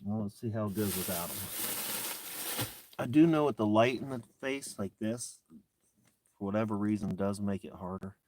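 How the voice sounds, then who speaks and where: A man's voice: fairly low pitch, moderate pace, pauses often, a little hiss or hum. A man chatting casually on a live stream from inside his truck at night, a little out of breath and sometimes dropping to a whisper. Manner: rambling, relaxed, drops to a whisper at times. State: a bit out of breath. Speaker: vlogger.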